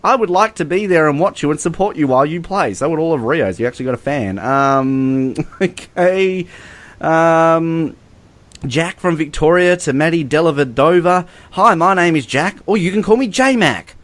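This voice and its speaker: A man's voice: a little high, moderate pace, a bit bright. A man, hosting a casual podcast, jokingly reading fan messages aloud and laughing often. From Australia. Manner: playful, laughs often through his own lines. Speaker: podcast host.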